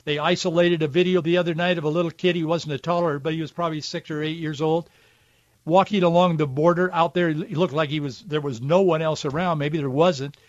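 Male commentary host, high voice, preachy, dull lo-fi recording. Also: steady tone, fairly quick, dry recording. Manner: emphatic, preachy, indignant. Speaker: podcast host. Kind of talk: political commentary monologue.

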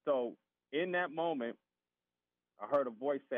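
Man, casual storytelling, animated, acts out voices, tinny phone-line sound, dry. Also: medium pitch, measured pace, no room sound. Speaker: podcast guest.

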